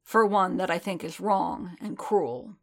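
Guarded warrior man, clipped and direct, lowish voice, read by a woman. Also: a little slow, creaky. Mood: earnest. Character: blunt, guarded adult male warrior.

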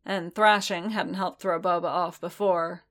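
A woman narrating a fan fiction audiobook in a measured storytelling manner. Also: lowish voice, fairly even intonation, fairly bright tone.

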